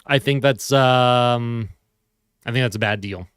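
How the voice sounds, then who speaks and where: A man's voice: medium pitch, measured pace, a bit bright, smooth, no room sound. Sleepy man chatting in a dry room. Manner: chatty, reads and answers viewer comments. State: sleepy, yawning. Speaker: livestream host. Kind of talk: casual live fan commentary.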